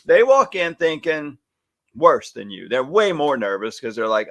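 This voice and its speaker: A man's voice: fairly high pitch, unhurried. A man co-hosting a casual chat about salon work, acting out little scenes as he talks. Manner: animated, acts out little scenes with voices. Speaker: podcast co-host, stylist educator. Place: home or studio, live stream.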